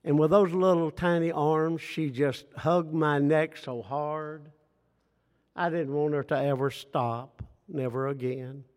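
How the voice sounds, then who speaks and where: An older man preaching a sermon, slow and emphatic, dropping to soft near-whispers and asking the congregation rhetorical questions. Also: fairly high pitch, steady tone. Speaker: pastor. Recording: reverberant hall.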